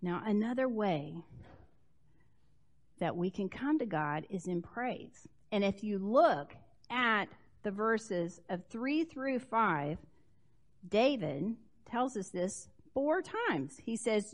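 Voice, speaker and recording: A woman preaching a sermon, telling the story expressively and moving between loud emphasis and hushed asides. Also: mid-range voice, animated, slow pace.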